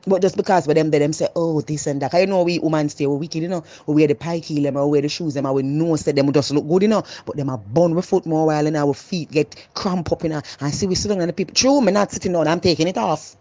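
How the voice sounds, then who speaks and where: A woman with a Jamaican accent, talking loudly and animatedly in a casual, opinionated vlog monologue. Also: deep voice, quick pace, hardly any pauses, no room sound. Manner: animated, loud and emphatic. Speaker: vlogger.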